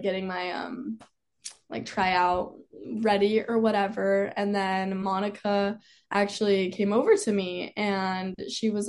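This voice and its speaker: Young woman cheerleader rambling thru her story, lots of "like", mid pitch, laughy. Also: a little mellow. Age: young adult. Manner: chatty, peppered with "like", laughs often. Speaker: guest, college cheerleader. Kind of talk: casual storytelling.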